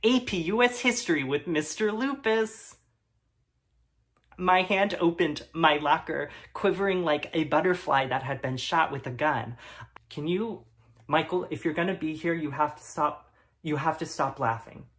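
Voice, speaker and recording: A man playing an awkward teenage boy who reads his melodramatic fan fiction aloud in a deadpan, hesitant way, with mumbled asides. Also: a little high, a little slow. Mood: earnest. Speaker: comedy performer. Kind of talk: deadpan comic reading of melodramatic prose.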